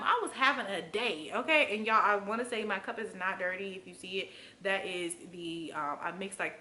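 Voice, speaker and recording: A woman's voice: fairly quick, hardly any pauses, pushed and bright. A young woman from Florida telling a candid story to camera, loose and profane, full of fillers and acted-out quotes. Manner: acts out quotes with big pitch jumps. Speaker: vlogger.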